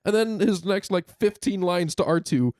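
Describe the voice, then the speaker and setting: Brief: male podcast co-host, slightly high voice, dry close sound, blunt opinions, laughs a lot. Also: moderate pace, a little mellow, dry recording. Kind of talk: casual chat.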